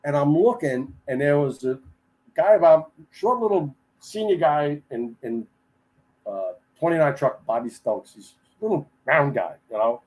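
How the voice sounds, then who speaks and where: An older man, a retired firefighter, telling stories as a guest in a casual podcast interview, animated and chatty and acting out the people in them. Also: fairly high pitch, measured pace, low-quality recording. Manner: animated storyteller who acts out the people he quotes; chatty, with frequent restarts.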